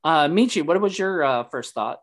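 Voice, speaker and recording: A man's voice: fairly high pitch, expressive, normal speed. A man hosting a casual movie discussion, rambling with many fillers and restarts. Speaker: podcast host.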